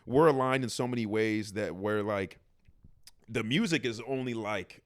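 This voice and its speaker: A man guest on a conversation podcast, a musician talking casually in relaxed slang and often calling his friends "bro". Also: fairly low pitch, moderate pace.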